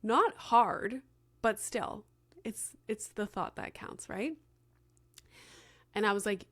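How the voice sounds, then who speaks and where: A woman's voice: medium pitch, a little slow. Chatty mom podcast host woman. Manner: chatty, many "like" fillers, acts out quoted dialogue. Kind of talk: casual solo storytelling.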